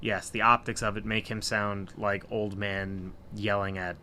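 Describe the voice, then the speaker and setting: Male podcast co-host, low bright voice, opinionated and chatty, faint background hiss. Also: flat delivery, a little slow. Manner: opinionated, argues points at length. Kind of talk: casual sports chat.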